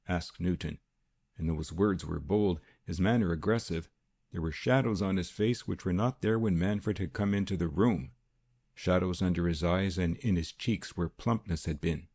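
A man narrating a period crime novel in a steady, measured reading. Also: low voice, slightly rough. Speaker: audiobook narrator. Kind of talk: scripted narration.

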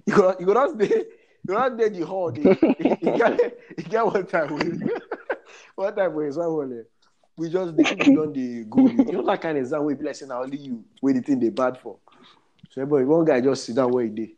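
Animated Nigerian comedian spinning a story. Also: male voice, fairly high pitch, brisk, muffled recording. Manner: animated, laughs through his story, mixes pidgin. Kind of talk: casual comic storytelling.

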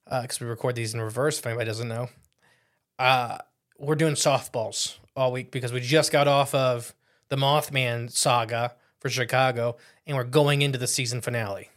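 A man's voice: mid-range voice, fairly even intonation, normal speed. A man co-hosting a podcast in casual chat, rambling with many "uh"s and restarts. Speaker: podcast co-host.

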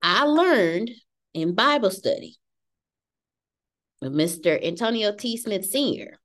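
Animated woman hosting a podcast. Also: medium pitch, slow pace. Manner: animated, acts out quoted voices. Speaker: podcast host. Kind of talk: casual group discussion.

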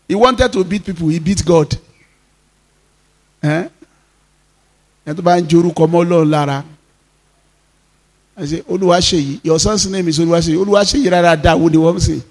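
A male pastor with a Nigerian accent preaching a sermon, reading scripture slowly and breaking into emphatic, rising declarations. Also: fairly high pitch, darkish tone. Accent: Nigerian, Yoruba-speaking. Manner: mixes in Yoruba phrases.

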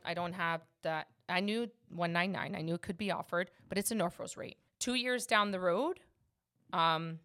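A woman's voice: on the low side, a bit bright. A woman who works as a mortgage agent and hosts a podcast, talking casually and emphatically about her work.

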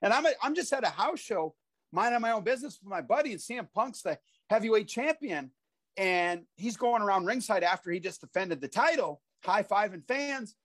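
A man in his forties with a notably high voice tells animated stories of his wrestling days and acts out the voices of the people in them. The sound is dry and close, with no room echo. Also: brisk. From Iowa, USA. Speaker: podcast guest, former pro wrestler. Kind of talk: casual interview storytelling.

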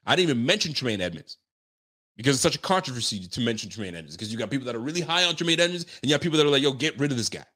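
This is a man with a mid-range voice hosting a relaxed football stream. He rattles through viewer comments in rapid slang, swearing, laughing and getting worked up.

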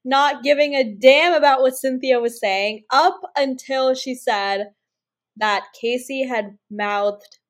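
A woman's voice: sits high, takes it slowly. A woman co-hosting a podcast, recapping a reality show in casual chat and often answering with "right" and "mm-hmm". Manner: conversational, frequent agreeing "right", "mm-hmm". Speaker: podcast co-host.

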